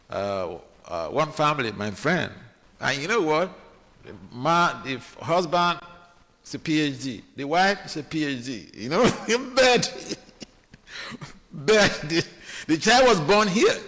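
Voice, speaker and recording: A man giving a sermon, his high voice swooping animatedly as he acts out quoted voices. His bright tone rings through a temple hall with long reverb, and he halts often to restart a phrase. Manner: halting with restarts. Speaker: speaker giving a scripture class.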